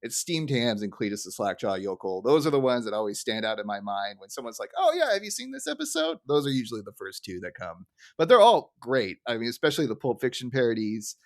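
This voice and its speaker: A man's voice: lowish voice, brisk. A man co-hosting a podcast, chatting casually and recapping a cartoon episode while acting out lines in funny voices. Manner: animated, acts out character lines in funny voices. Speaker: podcast co-host.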